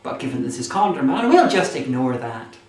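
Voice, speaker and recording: A sarcastic woman film reviewer with a lively, animated delivery. She sounds a little distant from the mic, in a roomy, echoey space. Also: extremely low pitch, a little fast. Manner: sarcastic, mocking asides. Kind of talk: sardonic comedy review narration.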